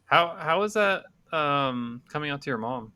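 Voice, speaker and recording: A man hosting a podcast, casually interviewing his guest and asking relaxed, curious follow-up questions. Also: a little high, measured pace, clean tone. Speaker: podcast host.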